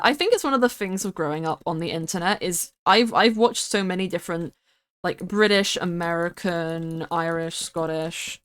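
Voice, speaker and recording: Giggly rambling young British woman. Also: fairly low pitch. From United Kingdom. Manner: rambling, giggly, swears casually. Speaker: streamer. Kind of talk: casual chat while building in a game.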